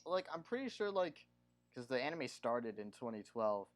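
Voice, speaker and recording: A man's voice: mid-range voice, big pitch swings, moderate pace. A young man hosting a livestream, chatting casually and rambling with many fillers and restarts. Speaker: streamer host.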